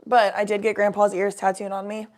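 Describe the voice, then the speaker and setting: A woman's voice: medium pitch, level tone, a little fast, darkish tone. A young woman telling rambling, profane stories in a laid-back, casual chat with the odd cough. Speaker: vlogger.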